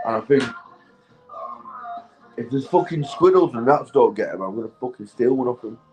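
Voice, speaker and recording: A British man chatting on a livestream while high, his talk loose and rambling. He swears freely and keeps breaking into laughs. Faint music plays behind him. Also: lively intonation, moderate pace, lo-fi sound. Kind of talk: rambling casual livestream chat.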